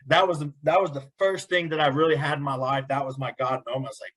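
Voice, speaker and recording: Young man, earnest, casual storyteller, repeats words, mid-pitched voice. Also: a little fast, fairly bright tone, husky, poor audio. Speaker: podcast guest, special education teacher.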